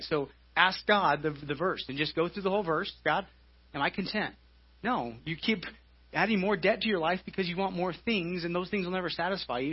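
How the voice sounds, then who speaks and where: Husky-voiced man preaching a sermon. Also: on the high side, muffled recording. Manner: conversational preaching with frequent "right?" and repeated words. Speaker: pastor. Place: church service.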